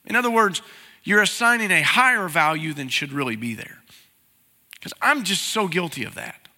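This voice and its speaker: A man's voice: high voice, lively intonation, moderate pace, sharp tone, long reverb tail. A man, preaching a sermon as pastor and talking to the congregation with plain questions. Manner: conversational, asks the congregation questions.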